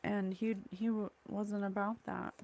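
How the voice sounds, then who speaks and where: A woman who is a psychic medium, speaking at home in a rambling, halting way and blurting out single words she says come from spirit. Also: medium pitch, little pitch movement, vocal fry, a little mellow. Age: adult, mother of a young child. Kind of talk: solo spirit channeling monologue. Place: at home, in a room with curtains and a candle.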